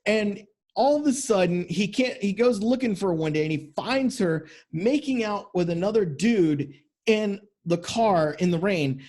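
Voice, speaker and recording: A man's voice: high-pitched, animated, unhurried, darkish tone. A man hosting a podcast as a men's coach, talking bluntly and emphatically with lots of swearing. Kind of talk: motivational podcast monologue.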